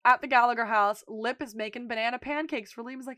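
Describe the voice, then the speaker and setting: A woman co-hosting a podcast, retelling scenes in animated casual chat and acting out the quotes. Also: fairly high pitch, fast, few pauses, no echo. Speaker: podcast co-host recapping episodes.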